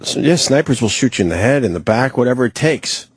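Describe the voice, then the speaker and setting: A man's voice: medium pitch, expressive, quick pace, slightly rough, no echo. A man hosting a talk radio show, chatting casually, swearing freely and reading news items aloud with his own comments.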